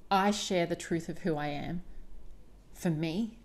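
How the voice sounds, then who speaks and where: A woman's voice: on the low side, measured pace. A woman hosting a solo podcast, speaking candidly and emphatically, often swearing. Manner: candid, confessional. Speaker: podcast host.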